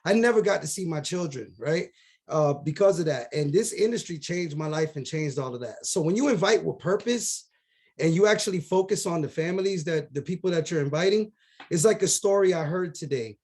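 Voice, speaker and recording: A man's voice: a little high, animated, brisk, darkish tone, husky. A man on a video call earnestly telling a motivational story and acting out the voices of its characters. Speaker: team member.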